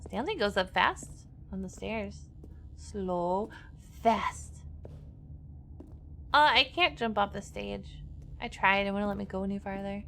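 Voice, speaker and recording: A woman's voice: medium pitch, slow pace, creaky, long pauses, a bit bright, slight background noise. A young woman streaming a game, chatting casually and playfully, giggling and humming silly noises. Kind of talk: casual gameplay commentary.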